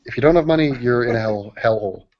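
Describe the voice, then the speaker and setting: A man hosting a casual group video call, animated and rambling, cursing freely. His voice sits at an ordinary middle pitch. The call audio is dull and lo-fi. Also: fast. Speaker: host.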